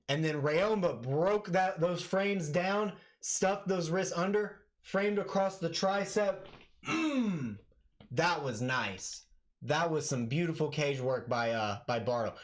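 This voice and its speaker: A man doing live play-by-play commentary on an MMA fight for his stream, talking casually and yelling with excitement at the big moments. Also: fairly high pitch, a little slow.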